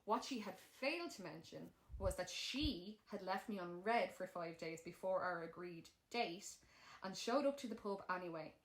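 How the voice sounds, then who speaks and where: A woman's voice: fairly low pitch, lively intonation, normal speed. A young Irish woman co-hosting a podcast in casual chat, blunt and swearing freely. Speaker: podcast co-host. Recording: roomy echo.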